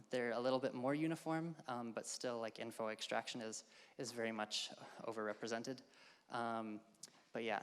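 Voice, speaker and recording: A man's voice: medium pitch, clear, resonant tone, long reverb tail. A man giving a casual academic slide talk to a live audience, with many ums and uhs. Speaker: workshop presenter. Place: lecture hall.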